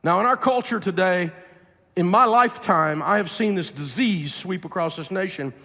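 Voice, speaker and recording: A man's voice: high-pitched, moderate pace, bright, forceful tone. A man with a Southern US accent giving a blunt, emphatic, preachy money seminar to a live audience. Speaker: financial speaker. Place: large live event venue. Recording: long hall reverb from a large venue.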